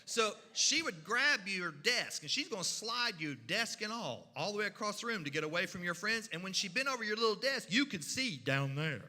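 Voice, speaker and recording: A storyteller spins a funny tale in a folksy, animated way, sprinkling in sound effects and voices. The voice sits high for a man and sounds very bright. It carries through a church hall with a long, ringing echo. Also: moderate pace, hardly any pauses. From Kentucky mountains. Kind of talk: humorous storytelling. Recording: reverberant hall.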